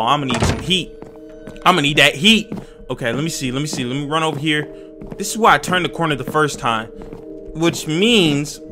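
A young man giving jumpy, excitable, slang-filled commentary while playing a horror game and talking to his viewers. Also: fairly high pitch. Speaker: gaming YouTuber.

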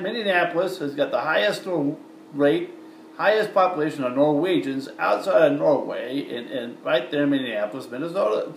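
A man's voice: on the high side, slight background noise. A man from the American Midwest with a Midwestern accent, rambling chattily to viewers in a casual vlog monologue. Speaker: vlogger. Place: indoor room with lights. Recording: roomy echo, from far off, faint ambience.

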